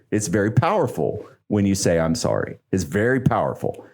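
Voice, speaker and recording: Young podcast host guy, super animated, swears a lot, acts out what people said. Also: lowish voice, a little fast, few pauses. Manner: animated, profane storytelling with acted-out quotes. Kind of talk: casual podcast banter.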